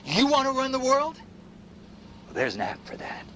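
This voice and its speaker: An actor playing a paranoid male pundit in video game dialogue, ranting against machines and swinging from hushed whispers to shouts. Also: extremely high pitch, wildly swooping pitch, moderate pace, a little hiss or hum, exaggerated voice.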